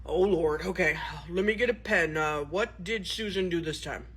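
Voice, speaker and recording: A woman doing a sleazy husky-voiced male manager. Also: on the low side, normal speed, voice pushed down. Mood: dismissive. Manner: dismissive, patronizing, says "honey" and "little lady". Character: sleazy male restaurant manager, middle-aged, lazy. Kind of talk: comedy skit.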